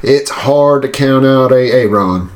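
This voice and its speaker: A man's voice: mid-range voice, a little slow. A man in casual chat who speaks bluntly and emphatically, with plenty of swearing.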